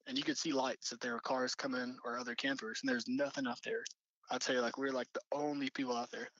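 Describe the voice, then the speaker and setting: A man's voice: medium pitch, fairly bright tone, no room sound, lo-fi sound. A young man telling a story casually, rambling with lots of fillers and restarts. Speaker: storyteller recounting an encounter.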